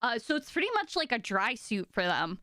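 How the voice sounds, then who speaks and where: A woman's voice: a little high, big pitch swings, a little fast, sharp tone, no echo, clean studio sound. A young woman giving a casual, chatty lesson about animals, full of fillers and enthusiastic asides. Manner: reads and answers chat questions. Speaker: streamer teaching about sea otters. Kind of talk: casual educational talk.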